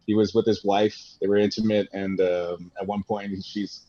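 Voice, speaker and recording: A man's voice: on the low side, little pitch movement, moderate pace, dark tone, highs cut off. A man, a guest on a podcast, talking in a rambling, casual way with laughs and many restarts.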